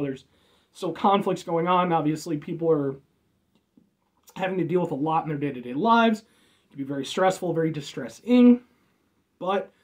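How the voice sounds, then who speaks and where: An American man reviews a soda in a loose, rambling vlog, cracking jokes and dropping the odd swear. His pitch swings widely, rising high and dropping low as he talks. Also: darkish tone. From United States. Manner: rambling, jokey, swears casually. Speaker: food and drink reviewer.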